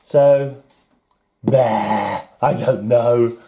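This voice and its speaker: A man's voice: medium pitch, extremely slow, mellow, a little hiss or hum. An English man in casual vlog talk, wryly chuckling and mocking himself as he sorts through his comics. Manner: wry, chuckling, self-mocking. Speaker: comic collector vlogger.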